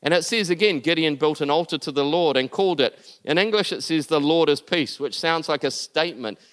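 Male pastor, high and smooth voice, earnest sermon delivery that rises and falls. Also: fairly quick. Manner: earnest, building to emphatic peaks, then dropping soft and low.

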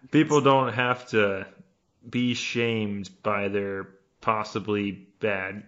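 A man co-hosting a casual podcast chat, ranting in an animated, profane way. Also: fairly low pitch, drawn-out words. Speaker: podcast co-host. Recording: dull lo-fi recording.

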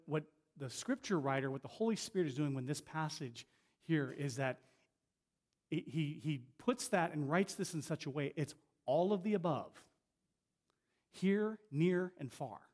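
A middle-aged man gives a sermon as a guest preacher, his voice sitting a little higher than most men's. He talks in a conversational, unpolished way, repeating and restarting words as he goes. He slows right down on the points he wants to land. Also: a little mellow.

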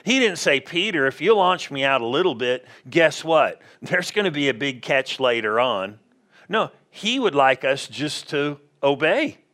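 A man's voice: fairly high pitch, very animated, measured pace, sharp tone. A man preaching a conversational sermon in a church, often asking the congregation questions. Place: church sanctuary.

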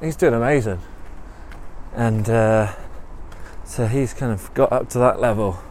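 A man on his podcast walks along a city canal, spinning an improvised story that rambles with frequent ums and self-corrections. He keeps a measured pace in a mid-range, darkish voice, with a little hiss or hum in the recording.

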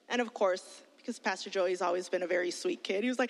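A middle-aged woman pastor giving an animated, storytelling sermon to young people. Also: mid-range voice, fast talker, hardly any pauses. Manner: animated storytelling, bursts into shouted quotes. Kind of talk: sermon to youth. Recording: long hall reverb.

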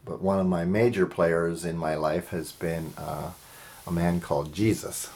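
A male interview guest with a low voice who tells his story earnestly. He pauses often and fills the gaps with "uh", sounding sincere and slightly unpolished. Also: fairly even intonation, a little mellow, a little hiss or hum. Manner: earnest, halting, with fillers and small laughs. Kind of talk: personal storytelling in conversation.

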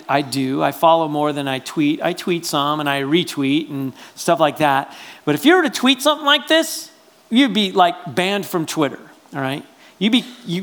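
Conversational, animated male pastor preaching. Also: on the high side. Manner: conversational, animated preaching with frequent "right?" asides. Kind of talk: sermon.

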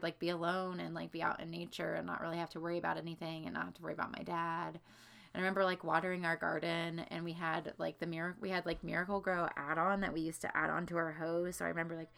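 A young woman tells childhood stories in a candid, rambling way, full of fillers and casual swearing. Her voice sits low and has a gravelly fry. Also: fairly bright tone. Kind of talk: casual storytelling of childhood memories.

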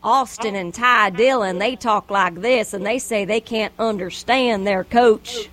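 A woman's voice: medium pitch, measured pace, fairly bright tone. A woman hosting a radio interview, asking questions in a teasing, upbeat way. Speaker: radio show host.

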